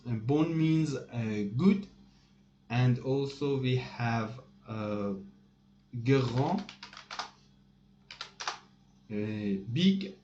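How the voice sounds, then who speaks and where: Slow, hesitant male French teacher. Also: mid-range voice, a little mellow, muffled recording. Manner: frequent "uh" pauses, stresses the English meanings. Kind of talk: slow, hesitant lesson explanation. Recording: echoey room with faint typing noise.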